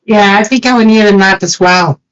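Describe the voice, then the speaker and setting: A man voicing a sleepy young character who sleeps most of the day, speaking high and softly in a tabletop game. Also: brisk, clear, resonant tone, recorded from a distance, highs cut off. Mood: drowsy.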